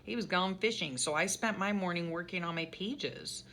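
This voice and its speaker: A middle-aged woman rambling casually through her journal pages at home, often pausing to recall what happened. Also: lowish voice, a bit bright, a little hiss or hum. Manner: chatty, rambling, pauses to recall. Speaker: journaling vlogger.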